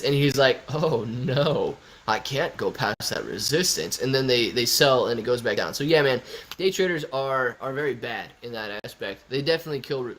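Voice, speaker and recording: A man's voice: a little high, fairly bright tone. A man from Ohio hosting a stock livestream in a casual, chatty way, reading viewer comments aloud and answering them.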